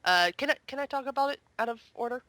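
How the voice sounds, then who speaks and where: Chatty woman with a bright, dry voice. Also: sits high, expressive, no room sound. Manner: chatty, exasperated, quick asides. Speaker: guest reviewer. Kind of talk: casual podcast review chat.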